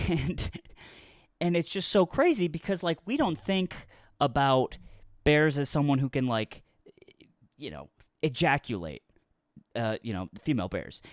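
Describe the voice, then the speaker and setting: A man's voice: fairly high pitch, big pitch swings, measured pace, pauses often, no room sound. A man on a podcast delivers a rambling, mock-serious story with a voice that swings widely up and down, often breaking into laughter. The sound is close and completely dry, with no room around it. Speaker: podcast co-host. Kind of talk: casual comedic podcast chat.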